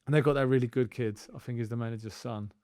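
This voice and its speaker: A man's voice: medium pitch, steady tone, quick pace, darkish tone, no echo, studio quality. A man chatting candidly and self-deprecatingly on a podcast about coaching kids' football. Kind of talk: casual podcast chat.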